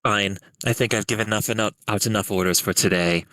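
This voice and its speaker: Cruel pirate captain voiced by a man, low and dry, menacing. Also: fairly even intonation, quick pace, bright, forceful tone, dry recording. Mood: smug.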